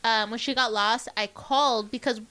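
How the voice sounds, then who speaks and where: A woman in her late twenties with a soft, high-pitched voice, rambling through stories in casual chat and acting out the people in them. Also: fairly even intonation, normal speed. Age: late 20s. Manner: rambling storyteller, acts out quotes with lots of swearing. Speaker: podcast co-host.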